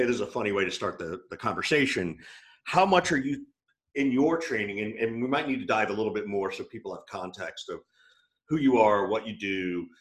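A man co-hosting a sales podcast, asking curious questions in a loose, joking way. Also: medium pitch. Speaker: podcast co-host. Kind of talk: casual podcast chat.

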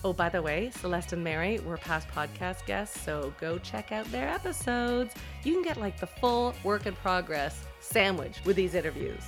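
A woman hosting a podcast, introducing a panel with effusive, excitable energy and playful teasing. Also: fairly low pitch, moderate pace, few pauses, soft background music. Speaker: podcast host.

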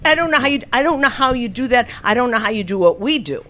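A woman's voice: a little high, expressive, fast, sharp tone. Emphatic woman baseball broadcaster. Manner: emphatic, repeats her points. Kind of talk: casual interview chat.

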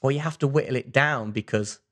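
A podcast co-host with a medium-pitched, fairly bright voice talks briskly in a casual chat. He rambles through a long story full of restarts, fillers and "like"s.

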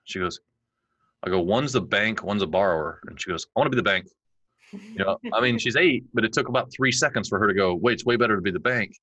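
A man in his forties, a podcast guest, chatting and telling animated stories where he acts out his kids' lines. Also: fairly low pitch, fast talker, no echo, muffled recording. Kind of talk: conversational interview.

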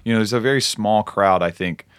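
A man with a very deep voice telling laid-back stories from the stage in easy, conversational sentences. The sound is close and dry, with no room echo. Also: a little fast, clean tone. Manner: relaxed anecdotal storyteller. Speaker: guest performer. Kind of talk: casual storytelling.

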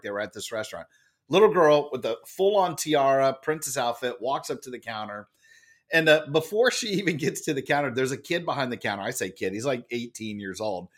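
A man telling a story as a podcast guest, with a loud and lively manner. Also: mid-range voice. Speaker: guest, author and speaker. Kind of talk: animated storytelling in a podcast interview.

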